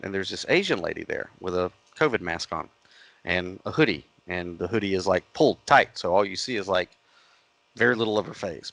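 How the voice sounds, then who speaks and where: A lower-pitched man co-hosts a casual podcast and rambles through a story with many restarts. His voice sits in a dry, close recording with no room sound. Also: fairly bright tone, no echo, poor audio. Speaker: podcast co-host.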